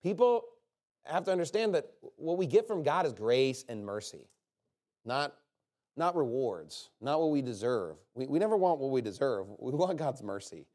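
A man preaching a sermon in a conversational, emphatic way, often checking in with "okay?" and swinging from quiet asides to loud bursts. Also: sing-song, normal speed. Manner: swings from low, quiet asides to loud, high-pitched outbursts.

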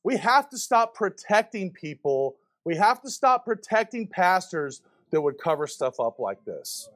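High-voiced fiery male preacher. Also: sing-song, a bit bright. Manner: fiery, fast, rhetorical questions to the congregation. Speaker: visiting preacher. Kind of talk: sermon. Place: church before a congregation.

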